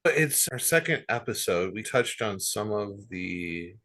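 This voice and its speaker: A man's voice: fairly low pitch, animated, a little slow, a bit bright, no room sound. A man hosting a podcast, steering the talk with questions for his guests. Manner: guiding, asks questions. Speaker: podcast host. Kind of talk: casual podcast chat.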